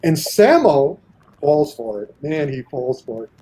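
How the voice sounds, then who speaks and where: A man telling an animated anecdote in a casual podcast chat, acting out the voices of the people he quotes. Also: a little high, a little slow, breathy edge, rough recording. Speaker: guest storyteller.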